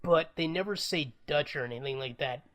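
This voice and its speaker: A man's voice: a little high, brisk, fairly bright tone. A man co-hosting a podcast, chatting casually about films and thinking aloud with fillers. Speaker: podcast co-host. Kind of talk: casual film review chat.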